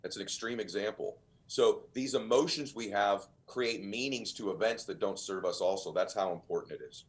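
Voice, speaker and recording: A man's voice: lowish voice, moderate pace, hardly any pauses. A man as a podcast guest, telling motivational stories in an earnest, emphatic, almost preacher-like way. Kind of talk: motivational storytelling.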